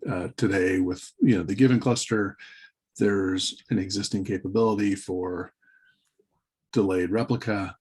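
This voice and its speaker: A man's voice: low voice, husky. A man in a work meeting on a video call, talking hesitantly with many restarts and fillers. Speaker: meeting participant. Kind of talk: casual work meeting talk.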